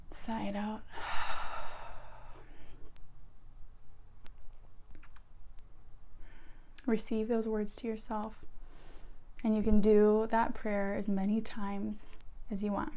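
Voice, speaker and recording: A woman coaching listeners through a guided self-love talk, gentle and earnest, dropping now and then to soft whispers. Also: medium pitch.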